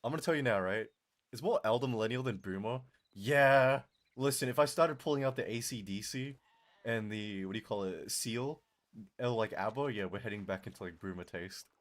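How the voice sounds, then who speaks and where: A man answers his live-stream chat in relaxed conversation, full of energy and quick to laugh. He speaks on the low side, his voice strained and flagging.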